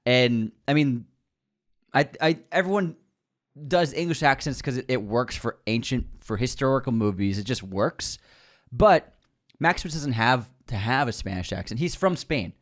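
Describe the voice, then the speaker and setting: A man in casual conversation on a movie podcast, growing animated as he makes his points and laughing often. His voice sits at an ordinary middle pitch. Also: moderate pace. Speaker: podcast co-host.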